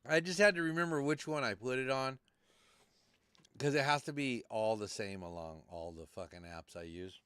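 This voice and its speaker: A man's voice: medium pitch, normal speed, a bit bright, clean tone, dry recording. A man hosting a live podcast stream, talking loosely and cursing as he rambles through tech troubles. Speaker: podcast host. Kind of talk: casual live-stream chat.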